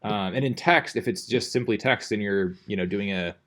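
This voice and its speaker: A man's voice: on the low side, normal speed, a bit bright. Rambling male teacher giving a casual lecture. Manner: rambling, conversational, many fillers and restarts.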